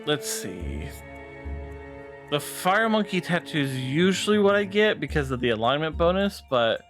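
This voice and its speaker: A man's voice: fairly high pitch, fairly bright tone. A man streaming a video game, talking casually and explaining its mechanics with frequent fillers. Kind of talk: casual gameplay commentary.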